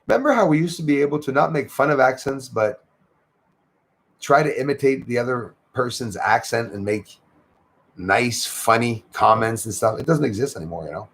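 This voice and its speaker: A man from Quebec with a Québécois French accent and a gravelly voice, talking loosely to his livestream viewers. He reads out comments, thanks people by name and fills pauses with plenty of ums. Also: medium pitch, animated, a bit bright. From Quebec, Canada. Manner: chatty, thanks viewers by name, lots of fillers. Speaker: livestream host. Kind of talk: casual livestream chat reading comments.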